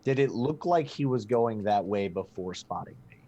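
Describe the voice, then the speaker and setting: Low-voiced casual man playing a tabletop game. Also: lively intonation, normal speed, warm tone, lo-fi sound. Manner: casual, blunt. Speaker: player.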